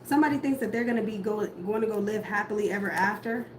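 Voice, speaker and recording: A fast-talking woman with a medium-pitched voice gives a casual tarot reading, musing aloud, speaking bluntly, and swearing casually. Echo and background noise are present in the recording.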